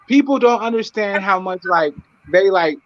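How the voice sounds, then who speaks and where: An easygoing man chats on a video call, agreeing often and dropping "you know what I'm saying." His voice sits a bit high for a man. The audio is dull, lo-fi and dry. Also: expressive, normal speed, no echo. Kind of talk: casual chat on a video call.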